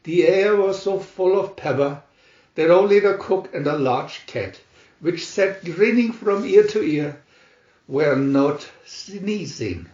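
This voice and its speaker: A man reading a storybook aloud slowly and expressively. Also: high-pitched, lively intonation, a little mellow. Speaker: storybook reader. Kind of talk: read-aloud storybook narration. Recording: roomy muffled home recording.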